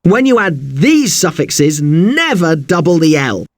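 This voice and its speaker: A man's voice: a little high, sing-song, measured pace, noisy background. A man teaching an English spelling lesson, polite and a little apologetic, who spells words out letter by letter.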